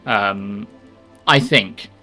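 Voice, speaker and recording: A man's voice: fairly low pitch, extremely slow, bright, forceful tone, faint music behind. A man with a posh theatre-trained English accent chatting casually on a stream, rambling and laughing at his own jokes. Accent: posh southern English, trained by theatre. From England. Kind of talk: casual chat.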